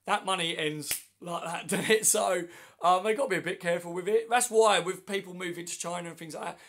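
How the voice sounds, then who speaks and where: Male stream host, high-pitched and gravelly, hoarse with flu, chatty and matey with viewers. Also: a little fast, a bit bright. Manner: chatty, matey, answers comments one by one. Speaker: livestream host. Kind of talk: casual livestream chat reading viewer comments. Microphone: phone.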